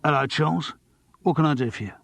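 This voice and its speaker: A tough male agent with a Cockney accent, voiced by an audiobook reader, keeps things curt and businesslike. The husky voice is lifted above the reader's own, and the sound is dry. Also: a little high, quick pace, dry recording, voice pushed up.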